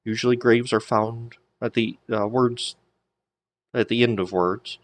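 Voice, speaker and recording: A man's voice: medium pitch, fairly even intonation, a little slow. A man teaching a language lesson, patiently spelling out letters and sounding out words as he asks and answers his own questions. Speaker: Greek teacher. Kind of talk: slow spoken lesson.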